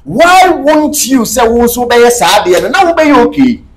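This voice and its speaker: A man's voice: very high-pitched, very animated, normal speed, a little hiss or hum. A man with a Ghanaian accent, speaking as an interview guest in an emphatic, preachy way and mixing Twi and English. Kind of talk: animated interview talk.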